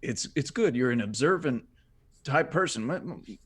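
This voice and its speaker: A man's voice: medium pitch, expressive, normal speed, a bit bright, slightly rough. A man playing his character in a tabletop game, stammering politely through hesitant, nervous answers. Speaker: player. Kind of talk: in-character tabletop role-play.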